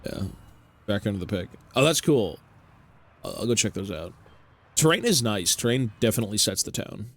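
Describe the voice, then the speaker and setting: A man with a fairly low voice chats casually while streaming a game. His commentary is relaxed and offhand, loose with fillers. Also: normal speed, long pauses.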